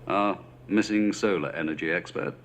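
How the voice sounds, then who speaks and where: An actor playing a calm male secret agent, reporting in a measured, understated way, from a film soundtrack. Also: sits low, lightly acted. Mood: matter-of-fact. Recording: film soundtrack with street noise.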